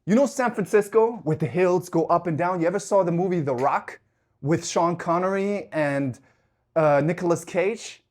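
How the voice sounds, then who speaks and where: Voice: medium pitch, normal speed, a little mellow. A life coach giving an intense, emphatic motivational podcast talk while working out, swearing for emphasis. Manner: talks while working out at the gym.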